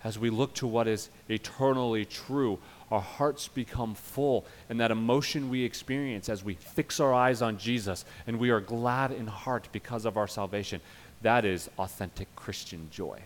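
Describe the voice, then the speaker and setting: A male pastor preaching a sermon, emphatic, swinging from loud urging to quiet earnest passages. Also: lowish voice, normal speed, big-room sound.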